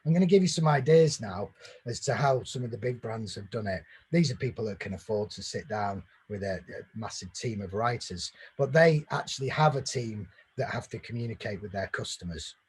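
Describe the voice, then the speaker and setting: A man's voice: lowish voice, expressive, brisk, darkish tone, a little hiss or hum. A man giving a conversational marketing presentation, explaining at length with fillers and restarts.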